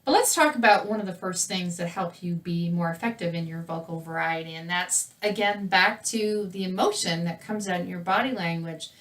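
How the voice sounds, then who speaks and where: A woman teaching public speaking in a recorded lesson, with a lively, conversational delivery where her voice rises and falls. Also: on the low side, moderate pace, hardly any pauses, distant mic. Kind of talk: presenting a recorded lesson to camera.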